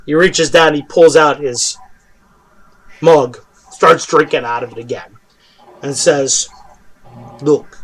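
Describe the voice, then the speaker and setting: A man running a tabletop game as dungeon master, his voice pitched quite high. He narrates in a lively way and laughs often. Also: slow, long pauses, rough recording.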